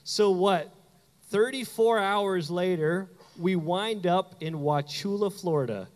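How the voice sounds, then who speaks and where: A man from Canada preaching a sermon, telling a personal story with animated delivery and acted-out quotes. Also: high voice, takes it slowly, big-room sound. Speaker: pastor.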